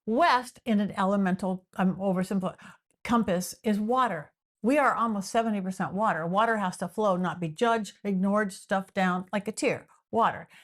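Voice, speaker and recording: On a podcast, a middle-aged woman from Southern California who works as a psychic medium explains her ideas casually and animatedly, restarting often. Her pitch is medium and her speed normal.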